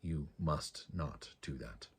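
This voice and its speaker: A man voicing a quiet, firm grown man who guards a boy, in a read-aloud fantasy story. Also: a bass voice, takes it slowly, breathy edge, pitched below the performer's own voice, heavily acted. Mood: soft.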